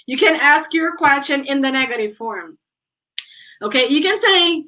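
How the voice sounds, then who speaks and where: A woman with as her teaching an English grammar lesson in a lively, chatty way. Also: high-pitched, moderate pace. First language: Portuguese. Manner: lively, chatty, acts out exasperated example questions.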